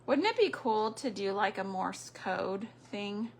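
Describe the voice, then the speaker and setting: A woman's voice: medium pitch, expressive, measured pace. An older woman, chatting casually while crafting and counting beads under her breath on a livestream.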